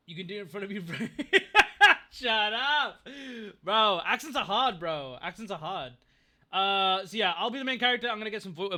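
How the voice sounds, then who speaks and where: A man's voice: high-pitched, pushed and bright. A young man chatting casually on a livestream, rambling, getting distracted and thanking viewers from chat. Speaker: streamer.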